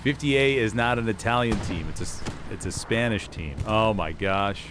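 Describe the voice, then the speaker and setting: A man's voice: fairly low pitch, normal speed, over music. A man casting a competitive war game live, chatty and self-deprecating as he talks to his stream chat. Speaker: esports caster. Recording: gunfire and game sounds behind voice. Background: war game battle sounds, artillery and gunfire.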